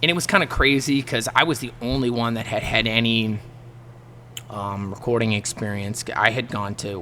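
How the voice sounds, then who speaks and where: A musician appearing as a podcast guest tells stories casually, animated and laughing often as he acts out the people in them. His voice is lowish, with slight background noise in the recording.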